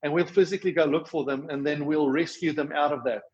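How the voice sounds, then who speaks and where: South African man, quick and halting. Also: fairly high pitch, fairly even intonation, a little mellow, dull audio. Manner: fast, hesitant, many fillers and restarts. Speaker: charity worker. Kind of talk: podcast interview.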